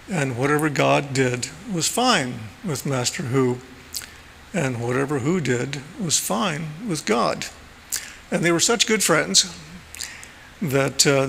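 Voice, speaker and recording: A man with a gravelly, fairly high voice tells a story in an easy, playful way at a church service. His voice carries a long hall echo over faint room noise. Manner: gentle storyteller, playful asides. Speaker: lay speaker. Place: church sanctuary.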